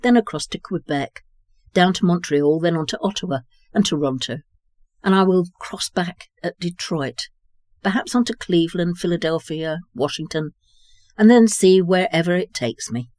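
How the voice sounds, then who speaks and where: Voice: mid-range voice, moderate pace, darkish tone, no room sound, studio quality, close to an everyday voice. A reader voicing a polite, hopeful young man in an audiobook story. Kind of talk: audiobook reading.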